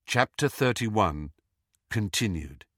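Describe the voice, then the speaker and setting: A man narrates a novel with an animated, expressive reading, his pitch moving freely through each sentence. His tone is bright and forceful. The recording is dry and close, with no room sound. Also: takes it slowly, dry recording. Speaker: audiobook narrator. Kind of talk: scripted narration.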